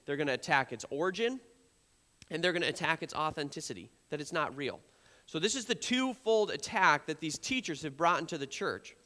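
Animated preacher in a reverberant church hall. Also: male voice, a little high. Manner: animated preaching, acts out accusers in a raised voice. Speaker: pastor. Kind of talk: sermon. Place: church sanctuary.

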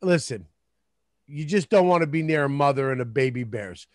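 A man's voice: mid-range voice, expressive, moderate pace, no room sound, clean studio sound. A man guesting on a comedy podcast, riffing crudely with heavy swearing.

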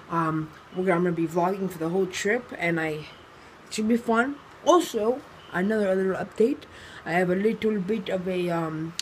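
A man's voice: sits high, slight background noise. Rambling teenage boy vlogger from New Jersey. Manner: rambling and excitable, full of fillers and restarts. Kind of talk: casual storytelling vlog.

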